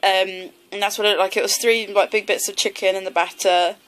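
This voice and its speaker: A woman's voice: mid-range voice, flat delivery, a little fast, a bit bright, low-quality recording. A young woman in her twenties talks through her haul in a loose, rambling way. She fills her sentences with plenty of ums and likes. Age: 20s. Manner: chatty and rambling, many fillers like um and like. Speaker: vlogger. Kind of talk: casual haul video.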